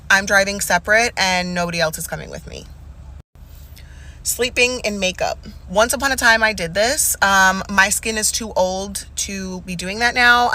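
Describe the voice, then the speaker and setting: A woman's voice: medium pitch, bright, forceful tone. A woman in her thirties, a mother, running through a list to camera in a blunt, matter-of-fact way with casual swearing. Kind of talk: list-style vlog to camera.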